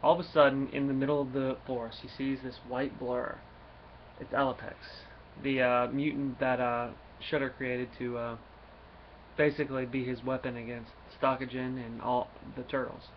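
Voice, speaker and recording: A man's voice: medium pitch, level tone, moderate pace. Rambling male comic book reviewer. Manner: rambling, many fillers. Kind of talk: casual spoken review. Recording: dull lo-fi recording, faint noise.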